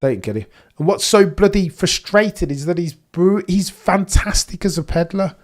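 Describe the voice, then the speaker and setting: With a high-sitting voice at normal speed, this young male livestream host offers casual live commentary during a watchalong. He rambles, voices strong opinions, and keeps restarting sentences.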